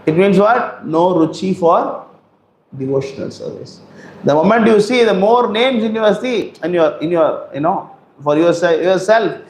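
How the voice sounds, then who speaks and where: A man's voice: high voice, animated, a little slow, darkish tone. A man giving a scripture class, asking rhetorical questions and acting out quotes. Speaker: preacher. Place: temple hall. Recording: roomy hall echo.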